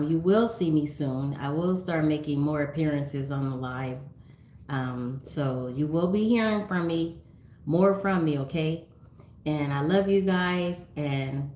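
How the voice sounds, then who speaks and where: This livestream host, a middle-aged woman from California, has a low, darkish voice, and her phone stream picks up an echoey room and slight background noise. Laughing frequently, she chats casually and reads viewers' comments out loud.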